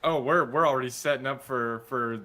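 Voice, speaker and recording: A man co-hosting a movie podcast, chatting casually with animated, swearing banter. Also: medium pitch, brisk. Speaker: podcast co-host.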